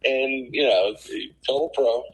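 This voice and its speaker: A middle-aged man, a TV producer, telling lively anecdotes as a guest on a podcast. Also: medium pitch, takes it slowly, husky, low-quality recording. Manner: animated anecdotes with acted quotes. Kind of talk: casual storytelling in a podcast interview.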